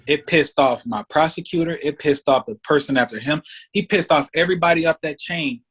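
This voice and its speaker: A man guesting on a podcast tells a story in loose, profane, casual talk. He acts out the other people in the story with quick voices. His voice sits a little on the high side for a man. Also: fairly bright tone, husky.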